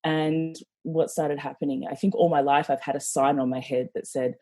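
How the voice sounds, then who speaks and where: A woman's voice: low voice, fairly even intonation, moderate pace, darkish tone, no echo. A woman from Australia with an Australian accent, a guest coach answering interview questions thoughtfully, with many fillers.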